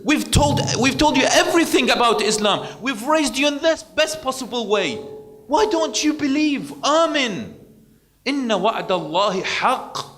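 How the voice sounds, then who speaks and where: A man's voice: very high-pitched, fairly bright tone, reverberant, voice pushed up, heavily acted. A man preacher voicing devout parents who anxiously plead and press their wayward son, speaking in an insistent, anguished way.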